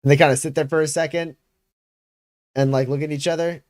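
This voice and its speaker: A man's voice: on the high side, little pitch movement, fairly quick, darkish tone, no room sound. Guy gm narrating a tabletop game, laughs a lot, dry sound. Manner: laughing, rambling, lots of fillers. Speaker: game master.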